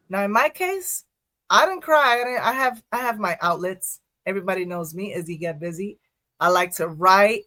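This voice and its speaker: A woman talks through her first-responder work in an animated, storytelling way, with quick asides and bursts of laughter. Her pitch sits mid-range, and the recording is close and dry. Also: no echo. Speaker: first responder and poet guest. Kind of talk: casual podcast interview talk.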